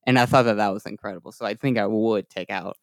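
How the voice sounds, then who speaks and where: A man's voice: fairly low pitch, fairly even intonation, fast, creaky, dry recording, studio quality. Easygoing young-sounding man chatting films. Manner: easygoing, says "like" and "kinda" a lot. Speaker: podcast co-host. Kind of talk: casual film discussion.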